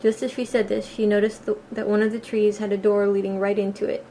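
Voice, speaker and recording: A woman narrating a storybook audiobook in a plain, steady reading voice with a few small slips. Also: mid-range voice, fairly quick, creaky, few pauses, slight background noise. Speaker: audiobook reader.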